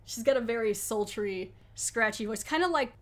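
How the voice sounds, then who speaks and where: A woman's voice: on the high side, expressive, normal speed, fairly bright tone. Woman podcast host just chatting, rambly, laughs a lot. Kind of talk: casual chat.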